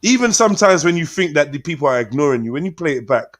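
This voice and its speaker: A man hosting a casual livestream panel chat, slangy and animated, quick to laugh. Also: a little high. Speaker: livestream host.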